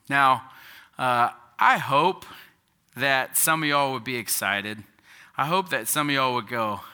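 A man's voice: medium pitch, normal speed, sharp tone, clean tone. A man preaching a sermon as pastor, in a conversational style full of rhetorical questions.

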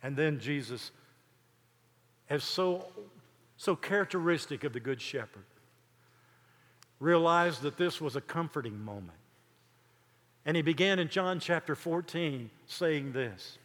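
An older man preaching a sermon, emphatic, building lists of words with dramatic pauses. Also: on the high side, expressive, fairly bright tone, in a large hall. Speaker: pastor.

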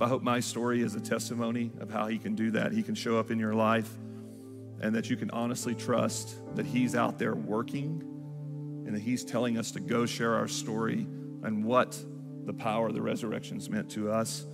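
Male pastor, gravelly mid voice, storytelling sermon in a reverberant hall with music. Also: medium pitch. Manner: storytelling, acts out quoted voices. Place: large church hall.

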